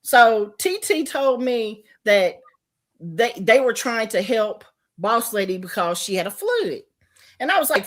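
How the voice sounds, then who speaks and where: A woman streamer telling a heated story, profane and animated, acting out the people she quotes. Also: on the high side, unhurried. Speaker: streamer host. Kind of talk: storytime rant.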